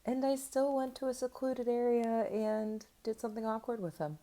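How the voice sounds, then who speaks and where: A woman's voice: a little high, fairly even intonation, moderate pace, warm tone. A woman in her thirties telling a candid, self-mocking story to camera in a casual chat, with lots of fillers. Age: 30s. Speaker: vlogger.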